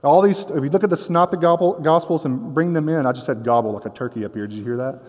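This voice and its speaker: A pastor preaches a conversational sermon with casual joking asides in a church sanctuary, the recording carrying a long hall reverb. His voice is a little high and a little mellow, and he speaks fast.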